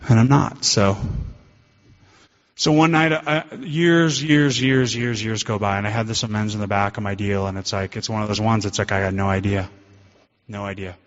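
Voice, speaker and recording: A man with a lowish voice speaks in a steady tone at normal speed as a guest speaker at a recovery meeting. He gives a candid, self-deprecating personal recovery talk to the group in a meeting hall, captured in a dull, lo-fi hall recording.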